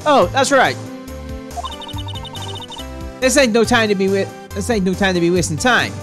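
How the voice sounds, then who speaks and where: A loud, brassy Southern gal who boasts and pushes in a folksy drawl, as a woman streamer puts her on. Her voice jumps well above the reader's own and swings widely. Game music plays behind her. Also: mid-range voice, animated, moderate pace, pitched above the performer's own voice, close to an everyday voice. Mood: boastful. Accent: Southern US, put on. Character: brash southern woman photographer, loud and pushy.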